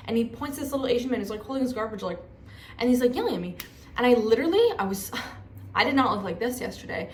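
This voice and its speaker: A young woman vlogger telling stories in a chatty, animated way, full of fillers. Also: on the high side, brisk. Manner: chatty, animated, lots of 'like'. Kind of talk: casual storytelling vlog. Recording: echoey room with faint noise.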